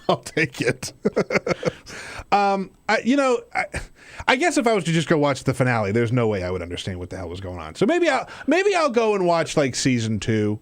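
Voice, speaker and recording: Male fill-in radio host, playful self-mocking banter, lively pitch. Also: normal speed, dry recording. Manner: joking, self-deprecating, laughs often. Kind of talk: casual studio banter. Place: radio studio.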